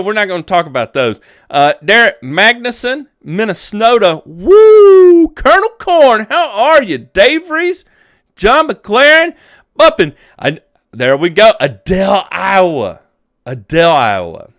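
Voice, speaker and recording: A man's voice: high voice, smooth. A man hosting a live lawn care stream, casually greeting viewers by name and laughing easily. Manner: upbeat shout-outs, laughs easily.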